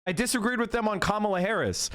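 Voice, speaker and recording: A man's voice: sits high, lively intonation, quick pace, fairly bright tone. A man streaming political talk to his chat, arguing in a blunt, profane and mocking way. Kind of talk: live-stream rant to chat.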